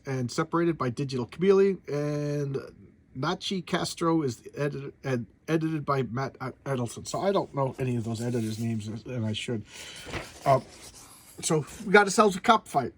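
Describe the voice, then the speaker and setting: A man chatting casually while reviewing a comic book, rambling and often tripping over his words and names. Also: a little high.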